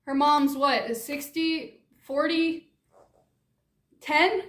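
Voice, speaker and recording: Brief: young woman, giggly scattered storyteller, slow and very high. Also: fairly even intonation, fairly bright tone, reverberant. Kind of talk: improvised rambling comedic story.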